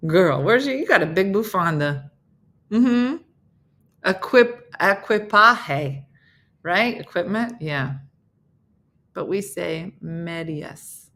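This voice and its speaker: A woman's voice: lowish voice, lively intonation, slow, long pauses, fairly bright tone, a little hiss or hum. A middle-aged woman with a New Jersey accent, hosting a casual live morning show and chatting with viewers in a self-mocking way.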